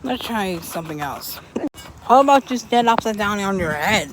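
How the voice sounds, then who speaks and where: A woman with a calm, instructing manner, playing a helper in a homemade toy play. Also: mid-range voice, moderate pace, a little hiss or hum, poor audio.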